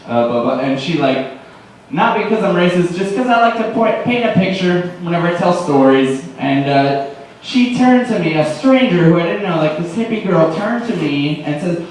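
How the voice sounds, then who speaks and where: A young man doing open mic stand-up in a rambling, deadpan way, his voice pitched a little high. He sounds very echoey, caught by a mic far across the room. A faint hum sits underneath. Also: moderate pace. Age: late teens to early 20s. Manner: rambling, deadpan, many fillers. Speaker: stand-up comedian.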